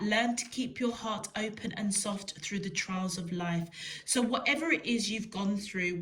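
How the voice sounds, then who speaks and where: A woman gives a tarot reading straight to her viewers. She talks at an unhurried, drawn-out pace at an ordinary pitch, leaning on words and repeating them for emphasis. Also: a bit bright. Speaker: tarot reader. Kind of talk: spiritual tarot reading to camera.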